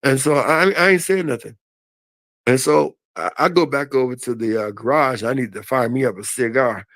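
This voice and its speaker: An older man telling a story in a casual, animated and folksy way on a live stream. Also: medium pitch, normal speed, no echo.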